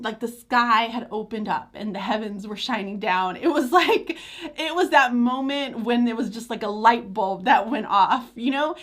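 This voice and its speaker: A chatty woman, hosting a casual live chat for parents and teachers. Her voice sits a bit high, and she talks in an animated, friendly way and laughs easily. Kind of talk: informal talk to parents and teachers.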